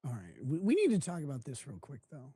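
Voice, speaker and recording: A man's voice: medium pitch, huge pitch swings, fast, dark tone, breathy edge, no room sound. A man hosting a live stream, chatting casually with a crude, mocking manner and frequent laughter. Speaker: streamer host.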